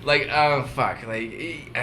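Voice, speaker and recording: A man's voice: mid-range voice, bright, forceful tone, a little hiss or hum. A young man co-hosting a podcast in casual chat, joking and laughing easily. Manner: laughs easily, quick jokey interjections. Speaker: podcast co-host.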